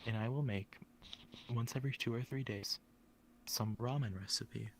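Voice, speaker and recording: A man from Minnesota chatting casually, talking softly and low so he won't wake the people around him. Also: moderate pace, slight background noise. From Minnesota, USA. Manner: soft, low, careful voice to avoid waking others. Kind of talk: casual chat.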